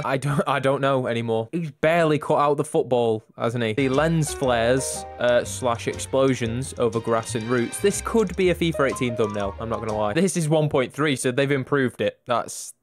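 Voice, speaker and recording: A man's voice: mid-range voice, normal speed, few pauses, music in the background. A young man giving crude, sarcastic gameplay commentary full of swearing. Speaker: gaming YouTuber.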